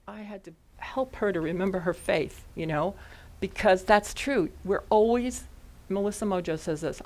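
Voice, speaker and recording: A woman's voice: medium pitch, a little slow. A woman minister giving a sermon to her congregation, speaking into a headset mic and telling a personal story with lots of laughter. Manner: animated storytelling with frequent laughs. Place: church service before a congregation.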